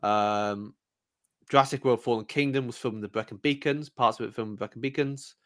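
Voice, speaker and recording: A man's voice: mid-range voice, brisk, fairly bright tone. A man from England co-hosting a podcast in casual chat, hesitant with lots of ums and repeated words. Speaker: podcast co-host.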